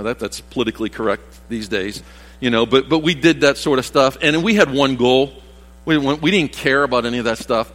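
With a slightly bright, mid-range voice, a man in his sixties preaches a loose, homespun sermon dotted with restarts and side remarks. The recording carries the lingering reverb of a church hall.

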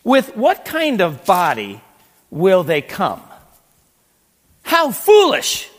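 A man preaching a sermon and reading scripture, animated and swinging between loud emphasis and quiet asides. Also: sits high, slow pace. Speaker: pastor. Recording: long reverb in a large hall.

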